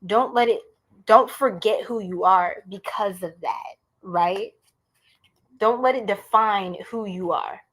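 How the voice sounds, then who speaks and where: Woman tarot reader, live stream, casual and blunt, greets chat, middle pitch. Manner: chatty, greets viewers, slangy and blunt.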